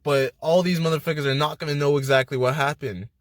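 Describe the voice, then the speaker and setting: A man's voice: fairly high pitch, steady tone, quick pace, no echo, close to an everyday voice. A man voicing a boastful, menacing male villain warlord, taunting and profane.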